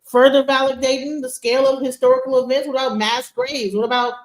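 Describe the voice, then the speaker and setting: High-voiced sarcastic woman debater. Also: level tone, quick pace. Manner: sarcastic, argumentative. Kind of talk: casual debate.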